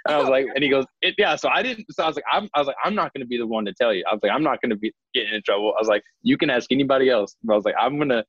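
A man's voice: medium pitch, racing, hardly any pauses, fairly bright tone, husky, no echo, highs cut off. A young man, an actor in a casual interview, chatting and acting out quoted dialogue as he tells a story. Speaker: actor interviewed about a show.

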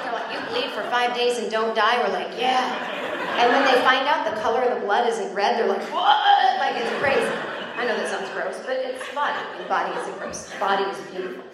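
Chatty comedian woman in her forties, echoey phone tape. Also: fairly high pitch. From United States. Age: 40s. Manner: chatty, rambling, self-deprecating, bursts into laughter. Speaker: stand-up comedian. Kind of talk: stand-up crowd work. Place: comedy club stage before a live audience. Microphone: handheld stage mic, taped on a phone in the crowd. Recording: raw phone recording, echoey club, audible noise. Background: audience laughter.

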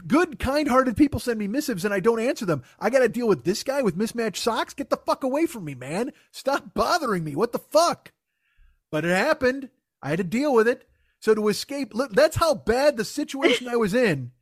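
A man's voice: extremely high pitch, very animated, moderate pace, husky, no room sound, clean studio sound. A man hosting a podcast, telling a rambling, exasperated story in a casual comedic rant full of swearing. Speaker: podcast host.

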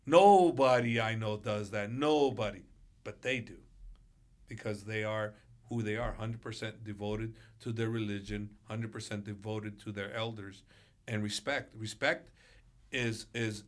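A man, a martial arts coach guesting on a podcast, telling stories animatedly and acting out quotes with big jumps in pitch. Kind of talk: storytelling on a podcast.

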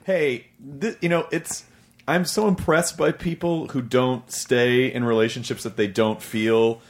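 A man's voice: mid-range voice, fairly even intonation, measured pace. A man hosting a casual conversation, talking in an earnest, emphatic way. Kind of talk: casual chat.

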